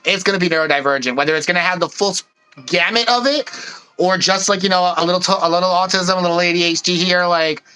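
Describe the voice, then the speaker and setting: A man's voice: high voice, pushed and bright, clean tone, low-quality recording. A man co-hosting a podcast, explaining things in an earnest, rambling way and often saying "literally.". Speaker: podcast co-host. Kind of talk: casual podcast chat.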